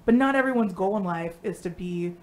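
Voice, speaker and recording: A woman co-hosting a live stream, talking casually and bluntly with lots of swearing and animated storytelling. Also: medium pitch, fairly quick. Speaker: co-host.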